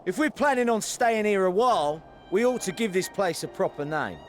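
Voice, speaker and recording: A man voicing a practical young survivor in a video game cutscene, making a calm suggestion. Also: sits high, moderate pace, soft background music. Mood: suggesting. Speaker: game character.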